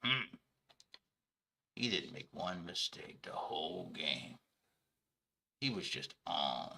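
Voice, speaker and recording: A man's voice: deep voice, animated, slow, gravelly, bright, forceful tone, a little hiss or hum, voice pushed down, exaggerated voice. A man voicing a male sports columnist who murmurs his grades of the players, with mm-hmm asides. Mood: dry.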